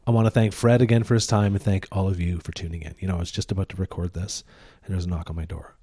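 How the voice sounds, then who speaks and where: A man's voice: low voice, steady tone, rapid-fire, mellow, slightly rough, no room sound, studio quality. A man hosting a podcast, laid-back, laughing easily and swearing casually while chatting and doing the outro. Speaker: podcast host.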